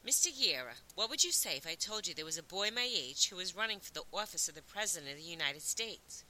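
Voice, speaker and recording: A woman's voice: lowish voice, lively intonation, quick pace, pushed and bright, rough recording. A woman voicing a confident, persuasive twelve-year-old boy in an audiobook, polite and earnest. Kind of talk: audiobook reading.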